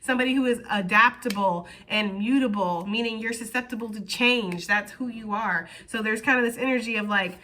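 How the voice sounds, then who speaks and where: A woman giving a casual, profane and animated tarot reading to her viewers. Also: on the high side, a little fast, hardly any pauses, slight background noise. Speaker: tarot reader.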